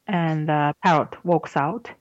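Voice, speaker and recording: Low-voiced woman chatting on a podcast. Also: slow pace, no room sound, dull audio. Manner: chatty, laughs often, explains words. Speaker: podcast host. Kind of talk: casual chat, telling a joke.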